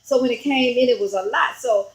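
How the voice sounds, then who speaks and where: A woman evangelist telling a personal story on her vlog in a halting, rambling, conversational way. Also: on the high side, low-quality recording. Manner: halting, rambling retelling full of fillers; earnest, conversational.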